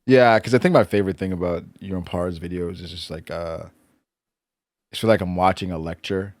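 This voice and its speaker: A man's voice: low voice, fairly even intonation, moderate pace, darkish tone, no echo, studio quality. A man co-hosting a casual podcast chat, easygoing and teasing, laughing often. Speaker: podcast co-host.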